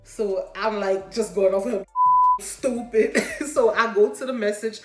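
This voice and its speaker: A woman's voice: mid-range voice, steady tone, unhurried. A woman telling a storytime story on her vlog in a chatty, slangy way, laughing often. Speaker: vlogger. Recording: roomy echo, faint music.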